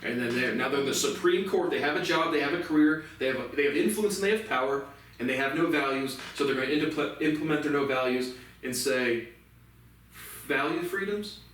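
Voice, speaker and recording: A man's voice: medium pitch, fast talker, a bit bright. A man from the United States ranting alone in an angry, profane and rambling way. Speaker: vlogger. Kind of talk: solo ranting monologue. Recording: very echoey room, mic far off.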